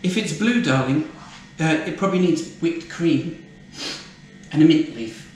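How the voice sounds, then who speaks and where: A posh, bossy lady cook, played by a man in a slightly high voice, camp and teasing, calling everyone darling. The voice rings in an echoey kitchen over a loud sizzling pan. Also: lively intonation, measured pace, a little hiss or hum. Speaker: cooking show co-host. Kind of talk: comic cooking demonstration. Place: home kitchen.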